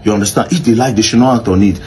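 A Nigerian man excitedly recounting events, mixing in Pidgin and acting out what others said. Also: on the low side, rapid-fire, faint music behind. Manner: excitable, mimics others' voices. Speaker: social media commentator recounting events. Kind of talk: animated storytelling in Pidgin-mixed English.

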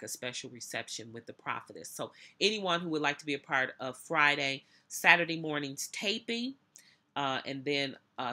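A middle-aged woman minister preaching a commentary, impassioned and pressing her listeners with sharp rhetorical questions. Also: sits low. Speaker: minister and show host.

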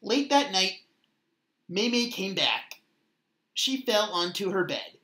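A woman reading a children's storybook aloud in a slow, expressive way. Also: mid-range voice. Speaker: children's book reader. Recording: echoey room.

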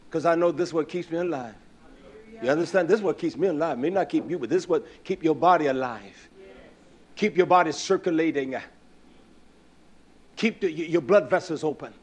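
A man preaching a sermon, swinging from low murmurs to raised, fervent passages and asking the listeners rhetorical questions. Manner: rhetorical questions, drawn-out emphatic words.

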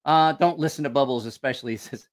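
A man's voice: mid-range voice, fast. A man hosting a casual livestream, telling rambling, profane stories and reacting to viewer comments. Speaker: channel host.

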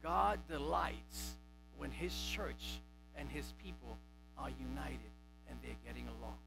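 A man's voice: medium pitch, measured pace, creaky, over music, poor audio. A male pastor preaching a sermon emphatically, repeating and stressing key words. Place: church sanctuary.

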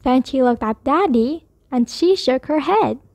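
Slow, high-voiced woman reading a picture book. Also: no room sound. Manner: slow, clear, expressive storytelling. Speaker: storybook reader. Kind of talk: children's picture book read aloud.

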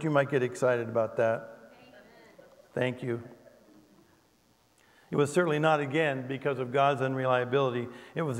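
An older man, a pastor, preaching a sermon with animated delivery and humorous asides to his congregation. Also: mid-range voice, long reverb tail. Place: church sanctuary.

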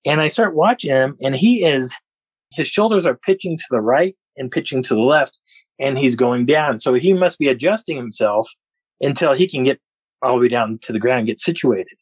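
A man guest on a podcast, telling a story in an animated way and laughing often. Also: medium pitch, normal speed, husky, dry recording, low-quality recording. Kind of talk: storytelling an encounter.

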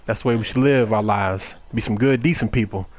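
A man's voice: lowish voice, a little fast, no room sound. Folksy man doing game commentary. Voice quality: folksy, joking, talks back to game characters. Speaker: gameplay commentator. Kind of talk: casual let's-play commentary.

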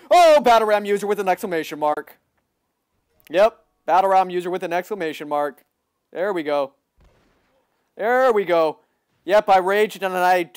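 Excitable high-voiced male game streamer. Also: clear, resonant tone, dry recording, studio quality. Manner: excitable, bursts into loud yelling; boastful, repeats phrases. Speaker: gaming livestreamer. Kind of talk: live gameplay commentary.

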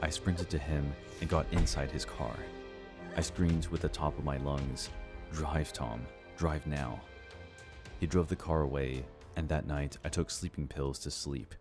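Very deep-voiced man narrating a horror story. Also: fairly even intonation, normal speed. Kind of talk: scripted first-person horror narration. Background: faint background music.

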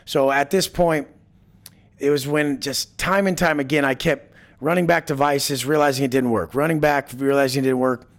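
A man's voice: medium pitch, fairly even intonation, normal speed. Blunt, foul-mouthed man telling stories. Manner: blunt, heavy swearing, acts out quoted lines. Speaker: guest. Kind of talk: casual storytelling interview.

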